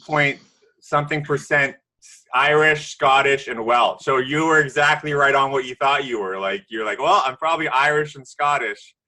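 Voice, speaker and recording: A man's voice: mid-range voice, normal speed, pushed and bright, low-quality recording. A young man hosting a casual family chat, eagerly reading out test results to his parents. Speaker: podcast host.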